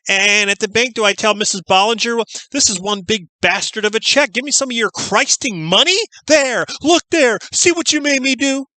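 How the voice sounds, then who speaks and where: A woman's voice: a little high, moderate pace, few pauses, pushed and bright, dry recording. An actress playing an unhinged middle-aged woman caretaker who scolds shrilly and flips from rage to sugary apology, in a film clip. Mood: ranting.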